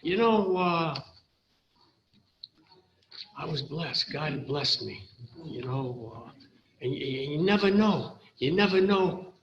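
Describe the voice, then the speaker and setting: An older man speaking at a recovery meeting, telling his personal story in an animated way and often asking "you know?" and "right?". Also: a little high, slow, pauses often, slight background noise. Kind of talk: personal testimony talk. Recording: roomy, slightly muffled hall recording.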